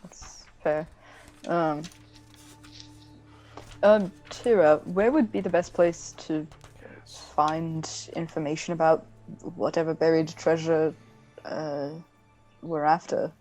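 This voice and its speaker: A woman's voice: low-pitched, fairly even intonation, slow pace, pauses often, mellow, soft background music, rough recording. A woman playing a tabletop game, chatting in a playful, teasing way. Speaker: player. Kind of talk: casual tabletop chat.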